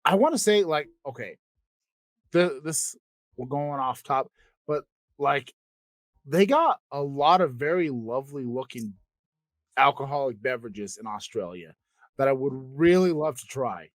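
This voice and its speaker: A man's voice: mid-range voice, expressive, unhurried, long pauses, no room sound. A man co-hosting a podcast in casual chat, rambling, trailing off and restarting his sentences, swearing now and then. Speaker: podcast co-host.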